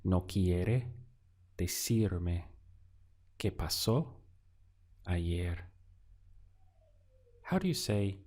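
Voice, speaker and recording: A man teaching beginner Spanish in a slow, patient lesson, prompting the listener and pausing for answers. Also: low-pitched, expressive, darkish tone. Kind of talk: audio language lesson.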